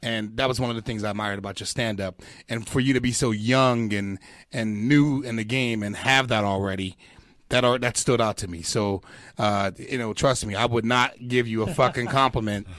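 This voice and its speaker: A man in his forties, a stand-up comic guest on a podcast, talking in an animated, profane way with frequent laughs and repeated words. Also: fairly low pitch, moderate pace, no room sound. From Pittsburgh area. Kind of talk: casual chat.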